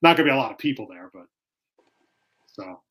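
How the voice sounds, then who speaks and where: A man, co-hosting a casual sports podcast and telling family stories with lively acted-out quotes. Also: medium pitch, a little fast. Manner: animated storytelling, acts out quoted lines. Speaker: podcast co-host. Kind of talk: casual chat.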